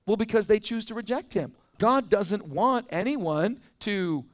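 Male pastor, high voice, conversational sermon delivery with acted-out quotes. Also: expressive, measured pace.

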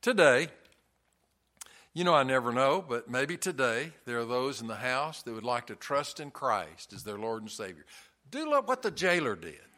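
A man's voice: mid-range voice, sing-song, normal speed, sharp tone. A man preaching a sermon in a church, earnest and folksy, telling stories with touches of humor. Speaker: pastor.

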